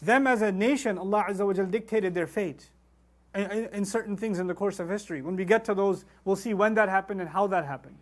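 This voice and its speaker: A man giving a Quran lecture, animated, with emphatic outbursts, acted quotes and rapid Arabic recitation. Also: high-pitched. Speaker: Quran teacher.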